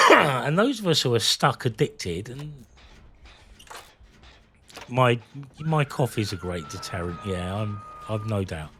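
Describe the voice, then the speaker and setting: A man's voice: medium pitch, animated, slow pace, pauses often, sharp tone, a little hiss or hum. A man, chatting casually and candidly while streaming a game, rambling and swearing freely. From England. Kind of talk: casual chat while gaming.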